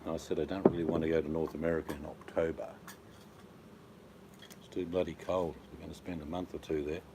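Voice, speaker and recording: A rambling, joking man with a very deep voice tells travel stories in a relaxed chat. A faint hiss sits under the recording. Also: a little fast. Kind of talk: casual chat.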